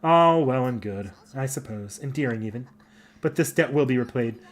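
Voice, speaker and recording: A man's voice: medium pitch, moderate pace, lightly acted. A man voicing a proud, dramatic young woman warrior-emperor from a game, with theatrical, flamboyant indignation. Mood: commanding. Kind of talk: voicing game dialogue aloud.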